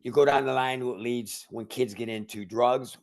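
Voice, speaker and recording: A man's voice: medium pitch, steady tone, normal speed, creaky. A man who runs a martial arts school, telling rambling stories in a casual podcast chat. He often repeats words and acts out the conversations he describes. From Cleveland, Ohio area. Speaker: judo instructor. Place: remote call.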